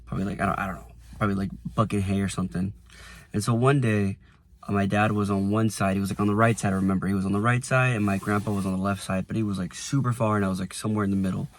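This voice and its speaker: A young man talks straight to camera from the driver's seat in a lowish voice. He rambles in loose, filler-heavy sentences and drops soft and quiet when the memories get heavy. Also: fairly even intonation, rapid-fire. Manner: rambling, lots of "like" and restarts, softens when emotional. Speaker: vlogger. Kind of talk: casual reflective vlog. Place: inside a parked car.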